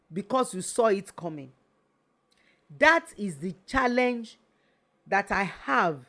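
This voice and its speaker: Brief: middle-aged Nigerian woman, radio host, preachy and emphatic, fairly high voice. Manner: emphatic, switching between English and Yoruba, preachy. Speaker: radio talk show host and family therapist. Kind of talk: motivational talk on relationships.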